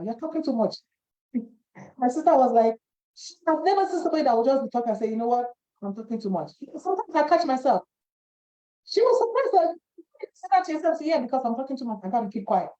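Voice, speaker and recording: Animated woman teaching the Bible, lo-fi. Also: sits high. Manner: animated, repeats phrases, acts out quoted voices. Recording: dull lo-fi recording.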